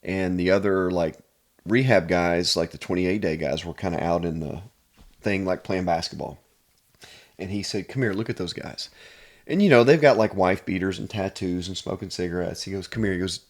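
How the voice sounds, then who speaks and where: A man's voice: sits low, moderate pace. A man from Pennsylvania, a chiropractor guest, telling personal stories in an earnest, casual way. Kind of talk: casual storytelling.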